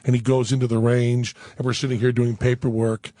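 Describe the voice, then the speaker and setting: A man's voice: mid-range voice, little pitch movement, brisk, dark tone, no room sound. A man in a radio studio telling a comic story, mock-earnest and chatty, acting out both sides of the dialogue. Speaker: studio guest.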